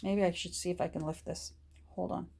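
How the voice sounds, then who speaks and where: Showing off a book haul to her phone while she works, a middle-aged woman chats casually, restarting her sentences and whispering when she shows pages. Her voice sits on the low side, level and brisk, creaky, dark, and husky.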